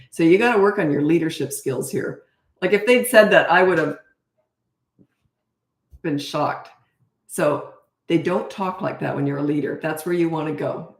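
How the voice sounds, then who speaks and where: A middle-aged woman coaching parents in a casual Q&A, blunt and matter-of-fact, now and then acting out short quotes in a higher voice. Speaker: parenting coach answering viewer questions. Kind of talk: casual live Q&A. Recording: roomy echo.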